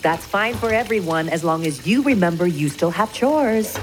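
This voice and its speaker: A brisk, gently teasing mother, played by an actress in an audio drama, her voice sitting a bit low. Sizzling and kitchen clatter come through clearly behind her. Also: expressive, a little hiss or hum, close to an everyday voice. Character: brisk, warm mother of a teenager.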